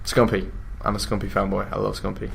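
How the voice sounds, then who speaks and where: A man's voice: fairly low pitch, completely flat delivery, a little fast, vocal fry, slightly rough. Young guy, laid-back gamer chat, kinda shy. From England. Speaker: interviewee. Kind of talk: casual chat.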